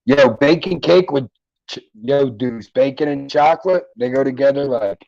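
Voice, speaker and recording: A middle-aged livestream host with a medium-pitched, creaky, slightly mellow voice talks at a moderate pace. He reads live comments and banters with viewers in a loose, profane style through headphones and a computer mic. The audio lacks room sound and is dull.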